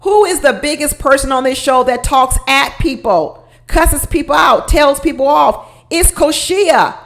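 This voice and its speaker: A woman giving casual, animated commentary on a reality show, speaking straight to her viewers and laughing often. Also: sits high, unhurried. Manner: talks directly to viewers.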